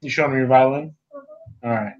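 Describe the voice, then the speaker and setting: A man's voice: medium pitch, little pitch movement, fairly quick, soft background music. A man from Texas, a father and interview guest, chatting in a friendly, storytelling way over a video call. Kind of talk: casual interview conversation. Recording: dull lo-fi call audio.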